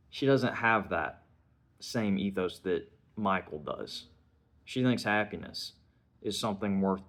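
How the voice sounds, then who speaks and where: A man giving a casual spoken film review, retelling scenes and dialogue in a conversational way. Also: fairly low pitch.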